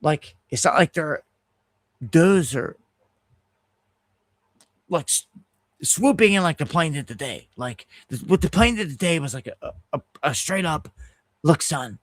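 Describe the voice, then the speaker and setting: A middle-aged man hosting a casual livestream, telling a story in an animated, heated way and restarting his sentences often. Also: a little high, a little slow, pauses often, no room sound. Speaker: host of an independent news livestream.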